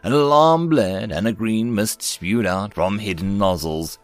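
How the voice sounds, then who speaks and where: Low-voiced man reading sci-fi stories. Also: unhurried, soft background music. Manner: expressive, varied storytelling. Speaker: story narrator. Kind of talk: scripted narration of science fiction stories.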